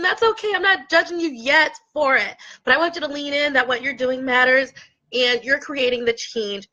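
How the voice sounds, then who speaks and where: A woman's voice: sits high, pushed and bright, lo-fi sound. A woman real estate investor coaching her viewers in an earnest, impassioned talk, at times close to tears. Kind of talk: heartfelt direct-to-camera talk.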